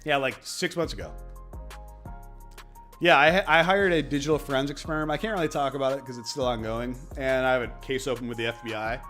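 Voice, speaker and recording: A man talks straight to his stream viewers from his home office, swearing freely and pressing his points hard as he tells a story. His pitch sits in the middle for a man. Faint music plays underneath. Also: fairly quick, a bit bright. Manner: profane, emphatic storytelling. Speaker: crypto streamer. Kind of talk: casual livestream chat.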